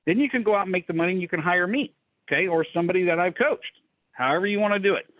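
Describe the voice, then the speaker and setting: A middle-aged man hosting a business mastermind video call, coaching in a fast, emphatic rant that repeats words and acts out dialogue. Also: a little high, dry recording. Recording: dry, phone-like call audio.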